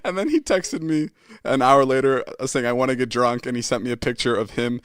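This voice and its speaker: A man in his twenties, a podcast host, telling a story in a casual, animated way and laughing often. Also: medium pitch, brisk, clean tone, dry recording, studio quality. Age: 20s. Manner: animated, laughing, swearing often, acts out friends' lines.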